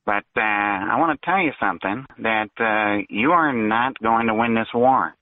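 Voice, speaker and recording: A man's voice: on the low side, moderate pace, no room sound. Man with a put-on cartoonish drawl over the phone. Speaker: caller. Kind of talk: call-in radio talk. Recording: tinny phone line.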